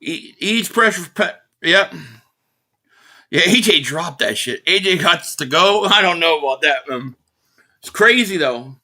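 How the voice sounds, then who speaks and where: High, bright, excitable male stream host. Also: measured pace. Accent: Philadelphia. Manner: excitable fan commentary, reading out super chats. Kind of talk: live play-by-play reaction stream.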